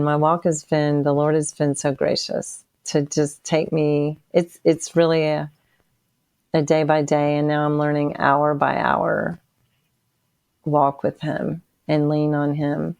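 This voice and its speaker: A woman in her sixties with a low, gravelly, darkish voice and level tone gives personal testimony as a guest in a podcast interview. She speaks haltingly and emotionally, often restarting, with no echo on the recording.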